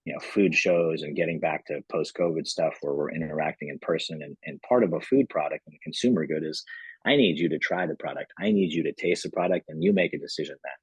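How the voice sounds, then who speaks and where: A man's voice: a bass voice, quick pace, breathy edge, no echo, low-quality recording. A man, a company founder, telling his story as a podcast guest in a loose, rambling way full of "you know.". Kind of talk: casual storytelling interview.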